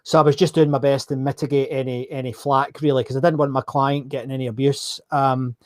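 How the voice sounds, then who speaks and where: A man with a Scottish accent hosting a live online interview, chatty and quick to laugh, often repeating his words. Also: medium pitch, level tone, darkish tone. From Scotland. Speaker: host.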